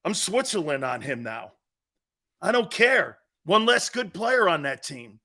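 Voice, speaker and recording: Male sports show host, combative rant, high bright voice that swings all over the place. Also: sing-song, a little slow. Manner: blunt, combative, mocking imitations of others. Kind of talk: opinionated sports radio rant.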